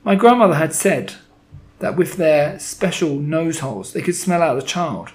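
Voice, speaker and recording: A man narrating a children's story, with a dramatic, expressive delivery. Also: on the high side, moderate pace. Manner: dramatic, expressive reading with shifting loudness.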